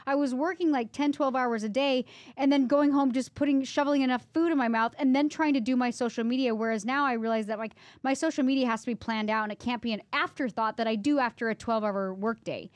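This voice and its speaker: A woman's voice: a little high, fast, few pauses, no room sound. A woman in her thirties co-hosting a podcast, telling personal stories in a chatty, emotional way full of fillers. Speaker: podcast co-host. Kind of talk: casual conversation.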